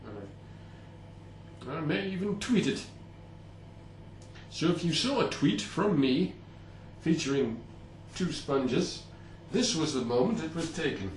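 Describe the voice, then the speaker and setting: In his home kitchen, a male baking vlogger chats casually as he works, tossing in playful, self-mocking asides. His voice is slightly high, expressive and unhurried. The room sounds echoey, with a bit of background noise.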